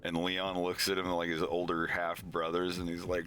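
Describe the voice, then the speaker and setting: A man's voice: sits low, completely flat delivery, moderate pace, few pauses, a bit bright. A man chatting casually on a live stream, rambling with lots of fillers as he talks through his animation.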